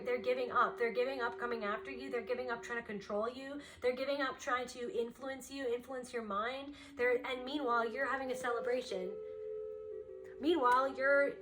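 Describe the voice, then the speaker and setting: A woman giving a spiritual card reading to the listener, impassioned and repetitive, circling back over her phrases as she speaks straight to them. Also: high-pitched. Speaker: spiritual reader. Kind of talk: intuitive card reading to camera.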